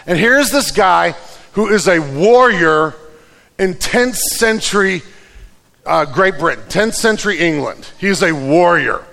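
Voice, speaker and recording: A man preaching a sermon who drops to a hushed voice and then builds back up loud, repeating words as he restarts. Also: high voice, animated, a little slow, creaky. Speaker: pastor. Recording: reverberant hall.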